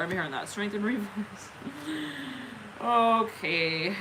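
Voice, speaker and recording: A woman's voice: mid-range voice, big pitch swings, takes it slowly, pauses often, crowd noise. A woman giving a casual tarot reading, rambling and giggling often. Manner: giggly, rambling, stream-of-consciousness. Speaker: tarot reader.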